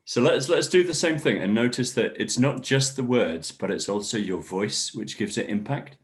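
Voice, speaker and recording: Man teaching with lively intonation. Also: mid-range voice, normal speed. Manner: encouraging, models sentences with stress. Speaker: English workshop teacher. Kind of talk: online class instruction.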